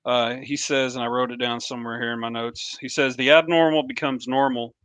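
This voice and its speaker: Earnest middle-aged man with a bright voice. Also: medium pitch, fairly even intonation, clear, resonant tone, no echo. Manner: earnest, halting, with many restarts. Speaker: podcast co-host, army veteran. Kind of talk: candid podcast talk. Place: remote podcast call.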